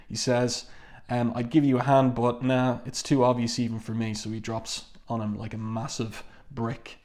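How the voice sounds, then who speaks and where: A man talks through a comic issue panel by panel in an unhurried, reflective tone. His voice sits at an ordinary middle pitch, and he often stops to gather his thoughts before he continues. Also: darkish tone. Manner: measured, reflective, pausing often to find words. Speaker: comic book reviewer. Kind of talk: casual page-by-page commentary.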